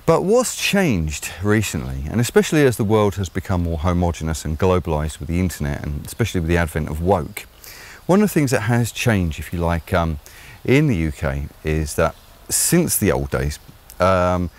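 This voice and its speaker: Low-voiced Englishman rambling through commentary. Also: a little mellow. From England. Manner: rambling, hesitant, many fillers. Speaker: vlogger host. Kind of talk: opinionated solo commentary.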